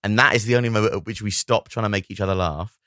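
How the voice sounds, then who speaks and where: A man co-hosting a comedy podcast, animated, laughing often and riffing on jokes. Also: lowish voice, racing, no room sound, studio quality. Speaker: podcast co-host. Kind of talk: comedic casual chat.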